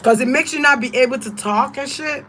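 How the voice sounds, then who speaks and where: A woman's voice: high-pitched, fairly quick, pushed and bright, slight background noise, poor audio. A woman reading tarot and giving casual spiritual advice in a blunt, emphatic, profane way. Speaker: tarot reader.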